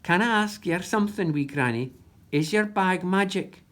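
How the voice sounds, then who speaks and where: A woman's voice: lowish voice, expressive, moderate pace, a bit bright. A woman with a Scottish accent voicing a forgetful young boy pirate in a storybook reading. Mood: sheepish. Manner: sheepish pirate talk.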